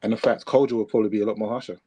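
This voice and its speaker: A man's voice: fairly low pitch, fairly even intonation, very fast, mellow, slightly rough. A man co-hosting a podcast, commenting in a casual, reflective way with emphatic repeated phrases. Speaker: podcast co-host.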